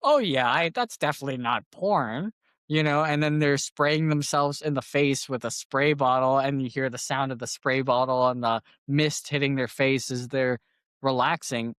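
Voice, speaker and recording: A man's voice: medium pitch, no echo, clean studio sound. A man hosting a comedy podcast, telling stories in a casual way and laughing often. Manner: animated storytelling, laughs often.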